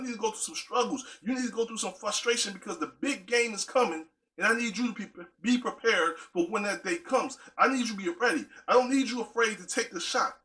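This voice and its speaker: God as a firm coach, voiced by a man, insistent, bright and a bit high.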